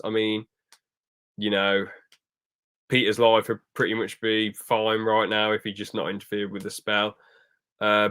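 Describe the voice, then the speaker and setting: A man's voice: fairly low pitch, a bit bright. A young man reviewing a film on a podcast in casual chat, rambling and restarting his sentences, acting out quotes as he goes. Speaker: podcast host.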